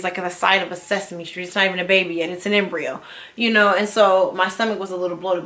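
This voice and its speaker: A woman in her thirties talks straight to her viewers in a casual personal vlog. Her delivery is candid and a little rambling, full of small fillers and restarts, at an ordinary mid pitch. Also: bright, forceful tone. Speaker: vlogger.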